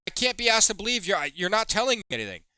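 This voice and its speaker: A man's voice: sits high, sing-song, fast talker, bright, forceful tone, clean tone, dry recording. A man hosting a heated commentary video, reading chat logs aloud and swearing as he accuses someone. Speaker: commentary host.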